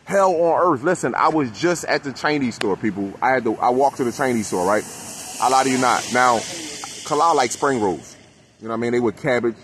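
A man's voice: medium pitch, a little fast, a bit bright, a little hiss or hum. A man in an impassioned, profane rant, preaching to his audience as "my people".

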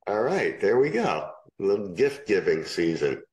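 A man with a low, husky voice banters on a trading show. He is blunt and teasing and swears freely. His talk is loose and casual. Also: big pitch swings, moderate pace, darkish tone, low-quality recording.

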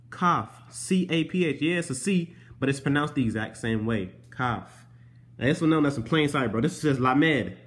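A young man in a casual show-and-tell vlog, explaining letters from his notes, spelling them out slowly and calling the listener bro. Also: medium pitch. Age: young adult. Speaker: vlogger teaching Hebrew letters.

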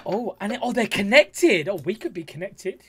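Excitable man, bouncing pitch. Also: moderate pace, breathy edge. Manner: camp, cheeky, gasping and squealing. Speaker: reaction video host. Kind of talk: excitable reaction commentary.

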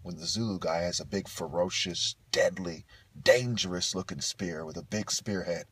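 A man's voice: low voice, moderate pace, a bit bright, slightly rough, no echo. A man delivering a profane, scornful rant to camera and breaking into bursts of laughter. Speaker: video blogger. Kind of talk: ranting monologue to camera.

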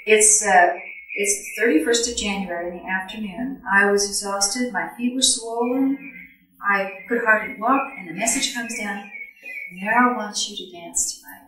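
A woman's voice: medium pitch, normal speed, recorded from a distance. Woman telling stories in an echoey hall. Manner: animated, laughing, acts out her own past thoughts. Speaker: speaker sharing recollections. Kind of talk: storytelling talk to an audience.

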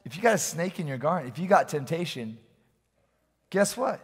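A man preaching to his congregation with a high, bright-pitched voice. He swings between loud, urgent calls and hushed asides. His voice rings out with a long church-hall reverb. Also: animated, normal speed, husky. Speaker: pastor. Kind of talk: sermon.

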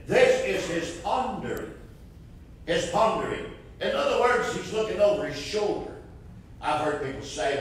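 Slow fervent preacher in echoey church. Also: male voice, fairly high pitch, lively intonation. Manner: fervent, rising to impassioned cries. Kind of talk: sermon. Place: church sanctuary. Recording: roomy echo from far off.

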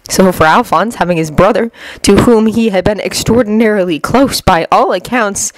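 A woman reading a fanfiction story aloud as narrator, in an even, measured way. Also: fairly low pitch, a little hiss or hum, rough recording. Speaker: fanfiction reader.

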